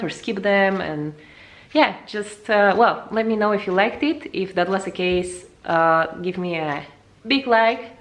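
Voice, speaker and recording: A young woman, not a native English speaker, teaching a casual video language lesson in a chatty way, jumping high in pitch to show words. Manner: lively, jumps high to demonstrate words, chatty with fillers.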